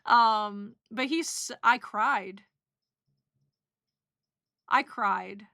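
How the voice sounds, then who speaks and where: A woman's voice: medium pitch, drawn-out words, gravelly, sharp tone, no echo, studio quality. A young woman casually recapping a trip for her stream, rambling and emotional, with giggles and lots of fillers. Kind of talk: casual chat.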